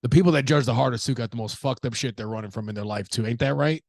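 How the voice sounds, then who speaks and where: A man talks through a solo podcast in a loose, blunt, profane way, often slipping into acted-out quotes of other people. His voice has a gravelly edge. The sound is close and dry, with no room around it. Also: medium pitch, fast talker, darkish tone, no echo. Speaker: podcast host. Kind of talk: casual solo podcast commentary.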